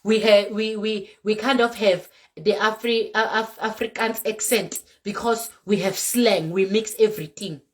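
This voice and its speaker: A woman's voice: mid-range voice, steady tone, measured pace. A young woman from South Africa speaks with a South African accent, talking straight to camera in an emphatic, lecturing way. She keeps going back to the same points and drops in the odd Zulu word. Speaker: content creator. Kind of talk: direct-to-camera rant vlog.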